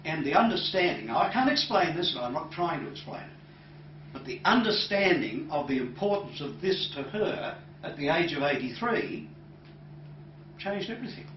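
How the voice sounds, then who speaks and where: Recounting a client's story to listeners, a male hypnotherapist takes his time, pausing often and going quiet and low whenever he quotes someone. The audio has a distant, dull, roomy lecture quality and a touch of background noise.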